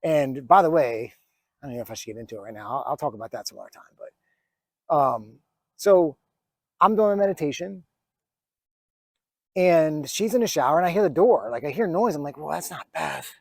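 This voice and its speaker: A man's voice: a little high, expressive, brisk, pauses often, dry recording. A man in his forties telling a personal story in a vlog, earnest and reflective, with many fillers and restarts, close to tears at times. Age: 40s. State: emotional, near tears at times. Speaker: vlogger.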